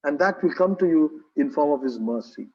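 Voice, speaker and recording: A man's voice: on the high side, expressive, moderate pace, a little mellow. A man with a Kerala English accent preaching a sermon, earnest and repetitive, with rhetorical tag questions, in a church. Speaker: pastor. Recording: dull lo-fi recording.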